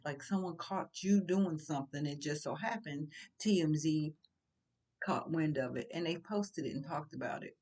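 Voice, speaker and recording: A woman's voice: low voice, measured pace, gravelly, a little mellow. An older woman giving casual, preachy commentary, blunt and full of rhetorical questions. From St. Louis.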